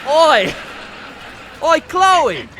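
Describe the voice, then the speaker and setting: A man's voice: extremely high pitch, sing-song, very slow, pushed and bright, a little hiss or hum, voice pushed up, full character voice, poor audio. A man putting on a put-on Australian accent to play a brash, rowdy bloke full of crude slang.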